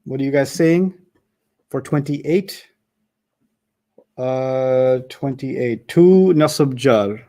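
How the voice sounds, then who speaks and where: A man teaching an online class, quick and teasing with his students. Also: medium pitch, dark tone.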